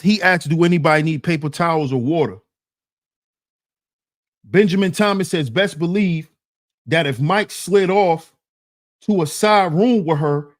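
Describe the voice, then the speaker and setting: A man's voice: on the high side, no echo, clean studio sound. A man giving emphatic, repetitive reaction commentary on a clip, speaking to his chat.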